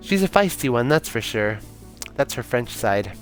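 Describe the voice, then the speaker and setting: A man's voice: medium pitch, very animated, moderate pace, faint music behind, natural voice. A man voicing a blunt, sweary, sardonic pregnant young woman in a taxi, read from a story game. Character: feisty pregnant young English woman passenger.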